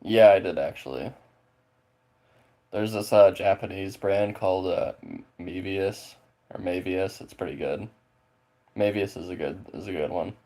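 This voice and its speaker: A man with a very low voice and plenty of gravelly fry at the bottom of it. He talks casually with his viewers in a loose, rambling way, leaning on filler words and tossing in swear words without a thought. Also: measured pace, long pauses, dark tone. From Spokane, Washington, USA. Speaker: streamer chatting with viewers. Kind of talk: casual chat.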